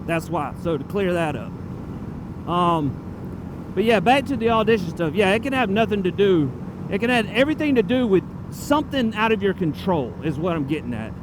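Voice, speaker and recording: High-voiced man vlogging from a motorbike. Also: very animated, moderate pace. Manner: chatty, digressive, loose and profane. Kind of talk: casual rambling vlog talk. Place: riding on a town road outdoors. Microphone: helmet-mounted camera mic. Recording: road and traffic noise outdoors.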